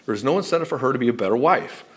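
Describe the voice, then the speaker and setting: A man's voice: medium pitch, animated, rapid-fire, slightly rough. A man giving relationship advice as a coach, speaking bluntly and emphatically, with frequent swearing. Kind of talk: direct-to-camera advice monologue.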